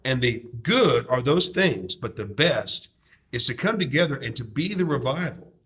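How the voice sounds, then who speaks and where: A man's voice: mid-range voice, big pitch swings, normal speed, a bit bright. A man hosting a discussion, speaking in a fervent, emphatic, preacher-like way. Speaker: host promoting a DVD series. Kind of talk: impassioned discussion.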